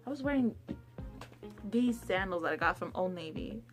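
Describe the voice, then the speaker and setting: A young woman vlogging a casual storytime, chatty, acting out quotes in a higher voice. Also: sing-song, moderate pace, over music.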